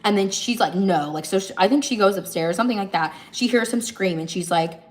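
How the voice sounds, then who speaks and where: A woman hosting a casual livestream, telling the story of a movie while she cooks and acting out the characters' lines with lively energy. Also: medium pitch, a little fast. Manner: animated storytelling, jumps between narrating and acting out lines. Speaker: livestream host. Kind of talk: casual chat retelling a movie while cooking.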